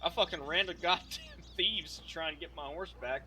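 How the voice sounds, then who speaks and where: A man roleplaying in character, spinning a profane, animated story full of quoted dialogue. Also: on the high side, moderate pace, a little hiss or hum.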